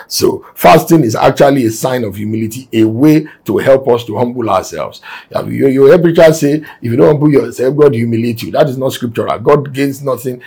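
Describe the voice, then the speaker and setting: A man with a gravelly, husky, medium-pitched voice preaches to remote listeners. He reads scripture aloud and explains it emphatically, rising to forceful exhortation.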